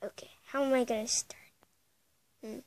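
A woman's voice: high voice, expressive, unhurried, noisy background. A woman voicing a small adventurous male pet who mutters to himself as he climbs a mountain. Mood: determined. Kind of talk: toy play-acting.

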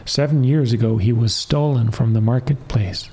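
A man voicing a lonely, weary old cobbler who talks slowly. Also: medium pitch, dark tone, natural voice.

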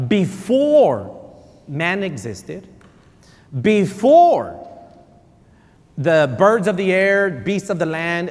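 Animated pastor preaching in a church hall. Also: male voice, on the high side. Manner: animated storytelling, repeats for emphasis, code-switches. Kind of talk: sermon. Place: church sanctuary.

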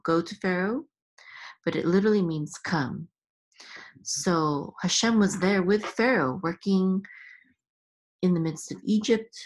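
Slow, patient woman teaching reading. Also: lowish voice. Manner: patient, sounds out letters and syllables one by one. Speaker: Hebrew reading teacher and podcast host. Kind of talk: step-by-step reading lesson.

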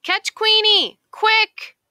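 A woman voicing a loud, cheerful female duck who keeps quacking and shouting in a storybook. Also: mid-range voice, flat delivery, drawn-out words, clean tone, dry recording, clean studio sound, full character voice. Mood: urgent.

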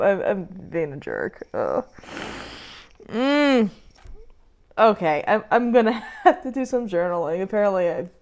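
A woman's voice: fairly low pitch, a little mellow. A young woman doing a casual tarot reading for herself on camera, talking emotionally and sighing and laughing through tears. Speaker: tarot reader and vlogger. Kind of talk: casual self-reading vlog.

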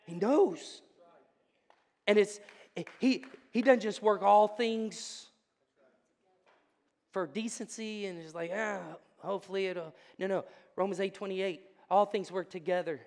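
Male pastor, sermon delivery, dynamic swings from hush to exclamation; church sanctuary with lingering reverb. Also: sits high, slow, long pauses. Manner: swings between hushed intensity and loud exclamation.

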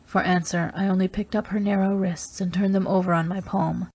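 Husky woman narrating an audiobook. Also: fairly low pitch, flat delivery, a little fast, a little mellow. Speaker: audiobook reader. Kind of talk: scripted first-person narration.

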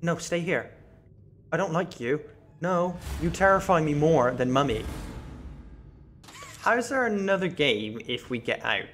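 A man streaming a horror game, excitable and panicky, yelping and laughing at what happens on screen. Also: fairly high pitch, measured pace, long pauses. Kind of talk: live gameplay commentary. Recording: game music loud behind voice.

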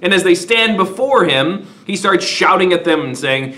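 A man lecturing on a classic epic in a relaxed, chatty way. His voice sits in a middle range, with animated rises and falls. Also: high voice, moderate pace, hardly any pauses. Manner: casual, conversational retelling. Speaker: teacher. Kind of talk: literature lecture summary.

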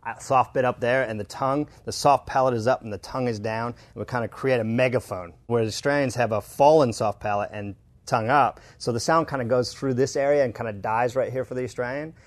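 A man explains how speech works as a coach, sitting for an interview. His voice is mid-pitched and steady, and he drags out sample words to show the sound. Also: a little fast. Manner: demonstrative, stretches example words. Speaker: accent coach.

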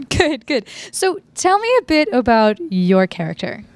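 An enthusiastic woman conducts quick interviews, her voice sitting a bit high. The sound is dry and close, with no room echo. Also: sing-song. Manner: enthusiastic, bubbly. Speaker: interviewer for a local channel. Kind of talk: upbeat interview.

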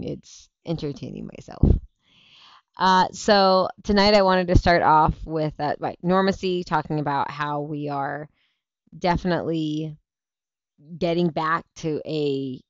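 A woman's voice: sits low, a little slow, dry recording. A woman in her thirties hosting a casual talk show livestream, chatty and rambling, tired and burnt out. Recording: dull lo-fi stream audio.

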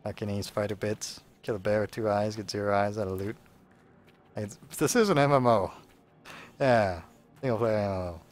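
A man's voice: fairly low pitch, moderate pace, faint music behind. A man giving casual, sarcastic, rambling commentary while playing a video game. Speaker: let's play host.

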